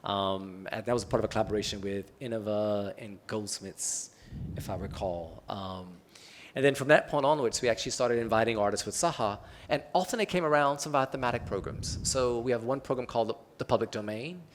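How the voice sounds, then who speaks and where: A man's voice: fairly low pitch, fairly quick, slight background noise. A man speaking on a panel at an arts event in a loose, conversational way, with many filler words. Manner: relaxed and loose, with frequent "um" and "kinda" fillers. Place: public talk at an arts event.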